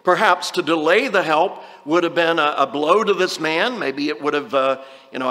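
A man delivers a sermon in an easygoing, conversational way, reading scripture aloud between plain remarks. His voice sits high for a man and sounds bright and clear. A long reverb trails his words, as in a large hall. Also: moderate pace, hardly any pauses. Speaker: preacher.

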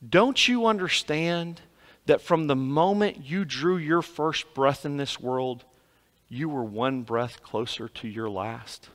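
Guy preaching in a church, mid voice, goes big then drops real quiet. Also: mid-range voice, lively intonation, slow. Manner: dramatic swings between loud emphasis and hushed lines. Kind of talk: sermon. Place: church sanctuary.

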